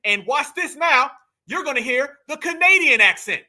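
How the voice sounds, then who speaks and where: A man's voice: very high-pitched, expressive, normal speed, pushed and bright. A man hosting a heated reaction commentary, blunt and profane, calling his viewers family. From United States. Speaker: commentary show host.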